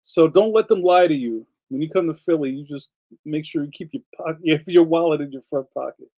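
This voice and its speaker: A man's voice: a little high, brisk, warm tone, muffled recording. Rambling man chatting with stream viewers. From Philadelphia. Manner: rambling, jumps between topics. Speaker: live stream host. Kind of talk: casual live-stream chat reading viewer comments. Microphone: streaming setup.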